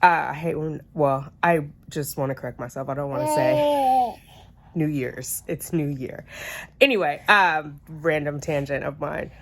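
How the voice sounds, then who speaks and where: A woman's voice: low-pitched, big pitch swings, normal speed. A woman vlogger talking casually to camera about relationships, a bit congested, chatty and rambling with asides and self-corrections. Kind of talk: casual advice chat to camera. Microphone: phone camera.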